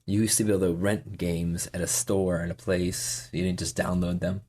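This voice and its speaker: This man, in his forties, has a deep, dark voice with little pitch movement and speaks at normal speed. As a guest on a podcast, he chats informally in a rambling style, constantly using fillers and starting sentences over.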